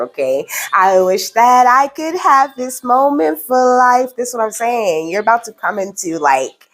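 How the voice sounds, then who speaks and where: A woman giving a casual spiritual reading to her viewers, animated and slangy, laughing often. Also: fairly high pitch, a little slow, few pauses. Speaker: spiritual card reader.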